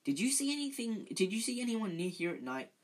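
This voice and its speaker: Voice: mid-range voice, big pitch swings, a little fast, pitched above the performer's own voice. A reader doing an eager, questioning schoolboy. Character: curious, urgent schoolboy.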